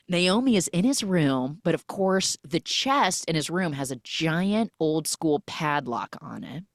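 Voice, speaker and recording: A woman telling a film's plot as casual podcast chatter, her lowish voice rising and falling widely as she acts out bits of dialogue. The sound is close and dry. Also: unhurried, hardly any pauses, no echo. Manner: animated storyteller acting out quotes. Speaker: podcast host. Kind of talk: casual film recap.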